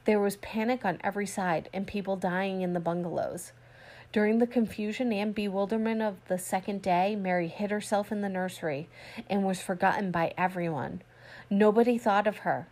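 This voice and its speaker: A woman narrating a classic story aloud in a steady storytelling read, voicing quoted lines lightly. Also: medium pitch. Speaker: audiobook reader. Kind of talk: scripted narration.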